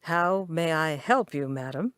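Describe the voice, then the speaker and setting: A composed gentleman of a storybook romance speaks low, calm and firm, as a woman narrator puts him on. He is patient and grave, and his lines come out slow. The sound is dry and close. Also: dry recording.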